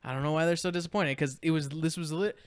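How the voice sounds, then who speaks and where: Smooth-voiced man mocking a bad movie. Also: a little high, fairly even intonation, quick pace, dry recording, studio quality. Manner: rambling, laughs often, mocking quotes. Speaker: podcast co-host. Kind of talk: casual movie recap chat.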